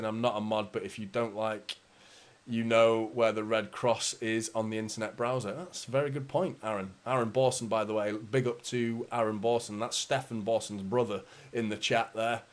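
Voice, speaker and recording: A man from England hosts a live football fan stream, chatting straight into a streaming mic. He reads viewers' comments aloud and answers them in a loose, defensive, conversational way. He swears casually and laughs between his points. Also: medium pitch. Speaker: football fan channel host. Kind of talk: live stream chat reading.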